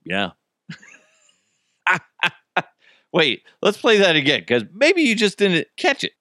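Male podcast host, 30s, animated pitch, dry close sound, casual, joking, swears freely. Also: slow, no echo. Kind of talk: casual solo podcast chat.

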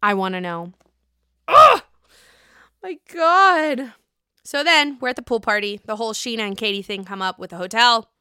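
A woman's voice: on the high side, brisk, clean tone, dry recording, clean studio sound. A woman with an East Coast American accent, casually recapping reality TV as a podcast host, sarcastic and swearing freely. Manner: swearing, animated, sarcastic ranting.

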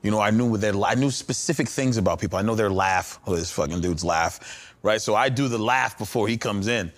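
A man's voice: lowish voice, brisk. A man telling a story in a casual interview, imitating the people he describes.

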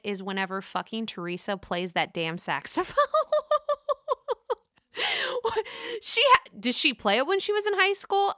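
A woman with a Pittsburgh accent hosting a casual gossip show about reality TV, excitable, gushing and swearing freely. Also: a little high, smooth, no echo, studio quality. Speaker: host.

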